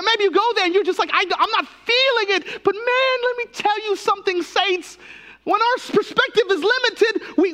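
A man's voice: very high voice, a bit bright. A man preaching a sermon as pastor, impassioned and emotional, repeating phrases for emphasis. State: near tears at times.

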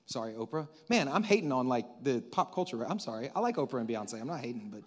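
A man's voice: medium pitch, sing-song, quick pace. A man preaching a sermon in a conversational way, joking with the congregation and asking it questions.

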